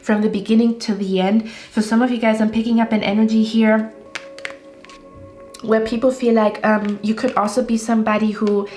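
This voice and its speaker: Even-toned woman giving a tarot reading. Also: on the high side, moderate pace, faint music behind. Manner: rambling, reassuring, addresses viewers directly. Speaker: tarot reader.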